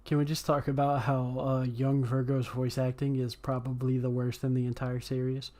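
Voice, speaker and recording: A man's voice: mid-range voice, level tone, moderate pace, dark tone. A man in offhand, chatty casual talk as a podcast co-host, swearing now and then. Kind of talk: casual chat.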